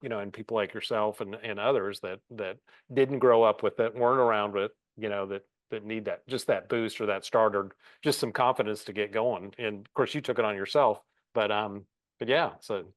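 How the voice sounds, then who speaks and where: A man's voice: on the low side, steady tone, normal speed, no echo. A man hosting a podcast, talking casually and hesitantly as he searches for his words. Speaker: podcast host. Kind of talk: casual interview talk.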